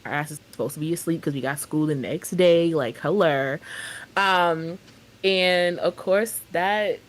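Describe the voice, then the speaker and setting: A woman's voice: deep voice, unhurried. A young adult woman co-hosting a podcast, telling a story in casual, slangy chat and acting out the voices she quotes. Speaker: podcast co-host.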